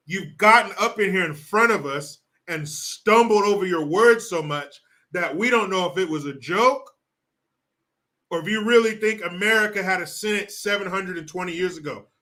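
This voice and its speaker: A man giving sarcastic political commentary in an animated, mocking way. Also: sits high, moderate pace. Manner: sarcastic, animated, laughs often.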